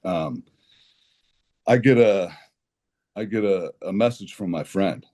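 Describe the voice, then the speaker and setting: A man guesting on a podcast, telling an animated, indignant story with blunt language and frequent restarts. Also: sits low, takes it slowly. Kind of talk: conversational podcast interview.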